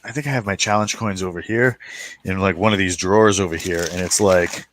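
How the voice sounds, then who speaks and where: Low-voiced man rambling with fillers. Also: a little fast, a bit bright, a little hiss or hum. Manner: rambling, many fillers and restarts. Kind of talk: casual chat.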